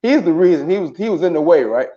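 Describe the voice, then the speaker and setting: Casting note: chatty male sports co-host, slightly high voice, laughs a lot, muffled lo-fi audio. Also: lively intonation, quick pace, warm tone, slight background noise. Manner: rambling, laughs often, restarts. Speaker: morning show co-host. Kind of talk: casual sports talk.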